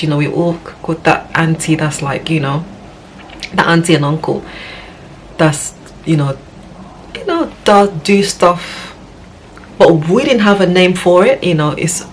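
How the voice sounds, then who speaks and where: A woman's voice: sits low, slight background noise, poor audio. Earnest woman with a West African accent. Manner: rambling, earnest, many fillers and restarts, laughs often. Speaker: parent vlogger. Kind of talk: casual talk to camera.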